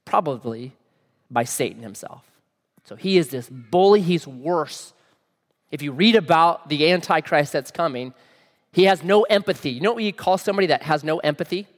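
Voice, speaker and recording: A man's voice: on the high side, big-room sound. A man preaching a sermon in a conversational way, often asking his listeners questions. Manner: conversational, asks the audience questions. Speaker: pastor.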